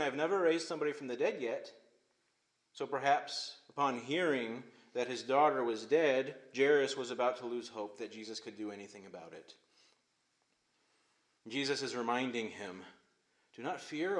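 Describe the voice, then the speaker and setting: Man preaching in an echoey room. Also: medium pitch. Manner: preaching with emphatic swings between loud and hushed. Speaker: pastor. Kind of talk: sermon.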